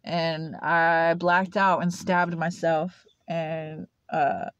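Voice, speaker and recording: Young woman vlogger, low voice, meandering filler-heavy storytelling, muffled dry recording. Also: little pitch movement, extremely slow, a bit bright, smooth. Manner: rambling, full of "like" and "uh" fillers. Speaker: vlogger telling her life story. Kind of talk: casual personal storytelling to camera. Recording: dull lo-fi, dry sound.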